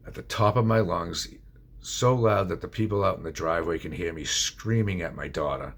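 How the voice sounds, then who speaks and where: Recounting his own struggle with addiction, a middle-aged man speaks frankly and confessionally, cursing without restraint. His voice sits low, gravelly and slightly rough, with a fairly bright tone.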